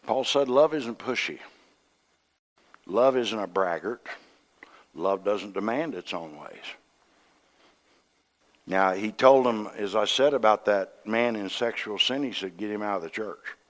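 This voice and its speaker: A middle-aged man, an associate minister, preaching a sermon with folksy humor, acting out dialogue and swinging from hushed tones to loud outbursts. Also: fairly low pitch, animated, takes it slowly, pauses often. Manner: acts out dialogue in quoted voices.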